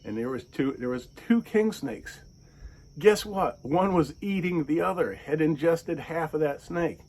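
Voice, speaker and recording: Gravelly man telling a rambling story. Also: fairly high pitch, unhurried. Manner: animated, acts out quoted people in raised voices. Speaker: channel host. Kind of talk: casual storytelling monologue.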